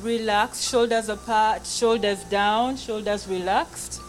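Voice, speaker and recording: A woman's voice: mid-range voice, measured pace, faint music behind, poor audio. A woman leading a choir through breathing exercises, counting aloud, giving short commands and checking in often with "okay?". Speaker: choir vocal coach. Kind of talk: group breathing and singing lesson.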